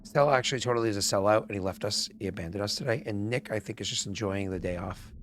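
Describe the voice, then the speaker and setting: A man's voice: fairly low pitch, fast. A man with a New England accent chats loosely on a live tabletop stream. He swears freely and acts out the people he quotes. A faint hiss sits under his voice. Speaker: game master and stream host. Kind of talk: casual chat on a live stream.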